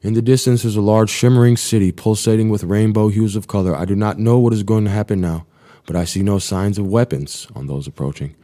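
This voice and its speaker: A man with a low, mellow voice hosts a live stream and reads a diary aloud. He keeps breaking off for profane, sarcastic commentary. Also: fairly even intonation, brisk.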